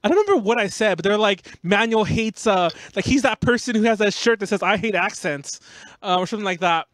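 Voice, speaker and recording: A man's voice: sits high, lively intonation, fairly quick, fairly bright tone, no echo. A man hosting a podcast, chatting casually, rambling and laughing as he defends himself. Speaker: podcast host.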